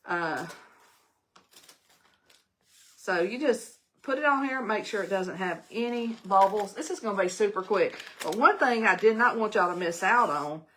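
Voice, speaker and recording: Chatting folksily with her viewers while she works, this older woman with a Southern American accent hosts a casual live craft demo. Her voice is mid-range with a fairly bright tone.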